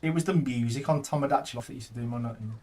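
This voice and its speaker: A man's voice: medium pitch, racing, a crowd in the background. A man, chatting and joking casually while streaming a game, a father teasing his daughter. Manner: jokey, teasing, rambling. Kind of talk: casual gaming stream chat.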